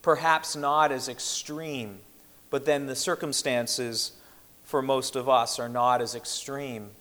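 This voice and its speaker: A man preaching a sermon in an earnest, measured way, slowing down to stress the scripture he quotes. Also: medium pitch, fairly even intonation, fairly bright tone. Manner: earnest, measured, with slowed emphatic quotations. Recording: reverberant hall.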